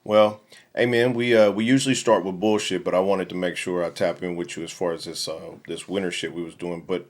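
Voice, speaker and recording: Profane, animated male podcast host. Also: low voice, fairly quick. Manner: animated storytelling, profane, slangy. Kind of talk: casual chat.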